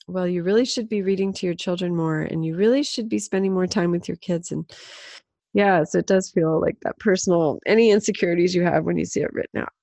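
A woman in her thirties talks casually on her podcast, her voice a little gravelly. She is chatty, self-doubting and laughs easily. The recording is dry and close, with no room sound. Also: lowish voice, fast, dark tone, no echo. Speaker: podcast co-host. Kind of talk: casual chat.

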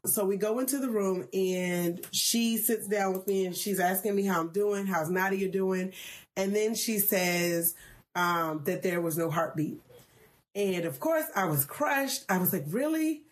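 A woman in her thirties telling a personal story on a livestream, earnest and emotional, pausing often with "um.". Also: medium pitch. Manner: earnest, emotional and reflective, with frequent "um" pauses.

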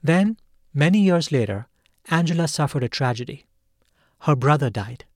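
A man hosting a podcast, narrating a true story in a calm, measured scripted read. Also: a little high, dry recording, studio quality. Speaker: podcast host.

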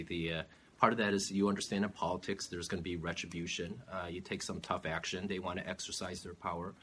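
A man with a very low, deep voice gives calm, measured interview answers, pausing often on "uh" as he builds his points. A faint room ambience sits quietly behind him. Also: a little hiss or hum. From California. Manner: measured, steady, with many "uh" fillers. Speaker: political candidate.

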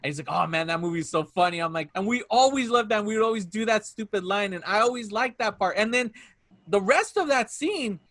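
Male host, high and bright, dry close mic, lively casual review chat. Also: brisk, no echo. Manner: animated, acts out quotes with laughter. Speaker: podcast host.

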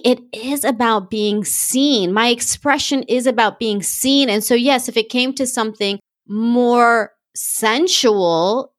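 Playful, expressive woman, dry close sound. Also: on the high side, no room sound. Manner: playful and expressive, acts out dialogue. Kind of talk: candid casual chat.

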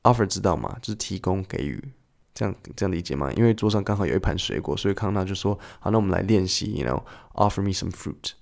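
A man's voice: low-pitched, animated, fast, vocal fry, darkish tone. A man teaching English in a chatty, playful way, acting out short dialogues as he explains clips.

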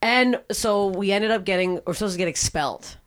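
A young woman from Canada chatting as a guest, telling stories in a lively, profane way and acting out quoted lines. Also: mid-range voice, brisk, smooth. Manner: animated, profane, acts out quotes. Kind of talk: casual storytelling chat.

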